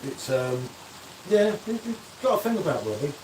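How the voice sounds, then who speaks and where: A man with a fairly high, very animated voice hosts a casual live beer-review stream at a moderate pace, bantering and reading viewer comments aloud. The background is noisy, and he sounds distant from the mic in an echoey room.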